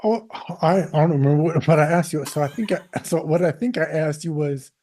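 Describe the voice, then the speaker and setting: A man interviewing a guest, firing off questions at a quick clip. His voice sits slightly high for a man yet has a soft, mellow tone. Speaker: interviewer, host. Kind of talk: casual interview.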